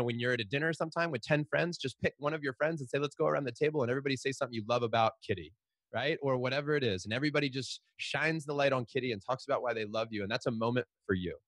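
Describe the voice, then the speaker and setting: Middle-aged male guest, quick animated storyteller, dry close sound. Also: mid-range voice, dry recording. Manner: fast, animated storytelling with frequent restarts. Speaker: guest, author. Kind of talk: storytelling in a podcast interview.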